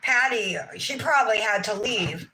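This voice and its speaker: Bright-voiced exasperated woman streamer. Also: a little high, moderate pace, breathy edge, low-quality recording. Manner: exasperated, talks to herself and the chat. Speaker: nail art livestream host. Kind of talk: casual livestream chat to viewers.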